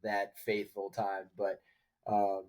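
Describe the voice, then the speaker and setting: A man's voice: fairly low pitch, monotone, slow pace, darkish tone. A man co-hosting a podcast, talking in a loose, rambling way with many restarts. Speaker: podcast co-host. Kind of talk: casual chat.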